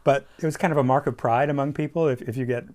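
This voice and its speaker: A man's voice: mid-range voice, fairly even intonation, quick pace, a little mellow. A man who is a guest in a casual conversation, recounting vivid theatre memories with emphasis. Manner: vivid storytelling, emphatic recollection. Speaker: guest recalling theatre production.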